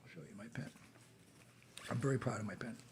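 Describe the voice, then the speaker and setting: A monk with a cold giving a humorous, conversational temple talk as guest speaker. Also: male voice, mid-range voice, fairly even intonation, a little fast, husky. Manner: humorous storyteller, loose and conversational. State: has a cold. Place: temple hall.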